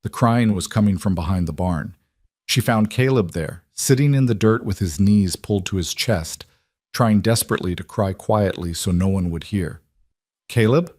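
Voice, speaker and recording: A male storyteller reads a western tale in an even, measured way. His voice sits on the low side and is recorded close and dry, with no room around it. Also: dry recording. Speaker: narrator. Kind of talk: scripted story narration.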